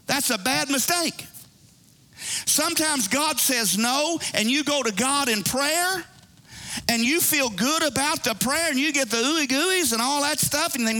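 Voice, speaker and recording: A man preaching a sermon, reading scripture and retelling it with animated asides and character voices. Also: extremely high pitch, measured pace. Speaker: pastor.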